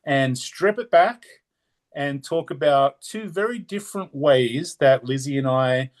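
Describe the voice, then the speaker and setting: A man's voice: mid-range voice, animated, measured pace. A man with an Australian accent co-hosting a podcast in casual chat, talkative and prone to tangents. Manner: chatty, rambling, steers off on tangents. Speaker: podcast co-host.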